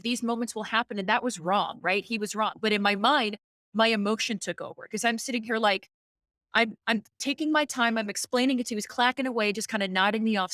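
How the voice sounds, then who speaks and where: A woman who is a company president, guest on a podcast, telling a story conversationally and in lively fashion. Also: a little high, dry recording, clean studio sound. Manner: animated, acts out quoted dialogue.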